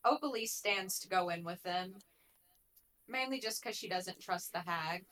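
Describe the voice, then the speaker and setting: Woman player, bright tone, matter-of-fact narration of her character. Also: on the low side, a little slow. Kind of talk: casual tabletop game narration of her character.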